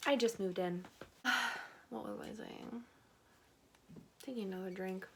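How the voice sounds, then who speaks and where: A woman's voice: medium pitch, a little slow, gravelly, very noisy. A young adult woman telling a story on her vlog in a chatty, filler-heavy way, often breaking into laughter. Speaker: vlogger.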